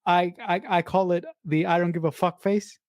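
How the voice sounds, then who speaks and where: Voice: mid-range voice, steady tone, moderate pace, a little mellow, dry recording. Podcast co-host, emphatic fan talk, casual swearing, dry close mic. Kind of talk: casual film-review chat.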